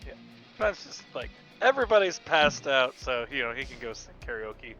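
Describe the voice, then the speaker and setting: Cheerful guy player, bright sharp voice, jumps up and down a lot, faint music. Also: mid-range voice, very animated, normal speed, dull audio. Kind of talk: tabletop play.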